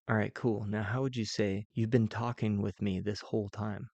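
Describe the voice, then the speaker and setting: A man's voice: on the low side, steady tone, normal speed, darkish tone, dry recording, lo-fi sound. A man teaching a language lesson, patiently posing prompts and repeating each example sentence twice. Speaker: Mandarin teacher.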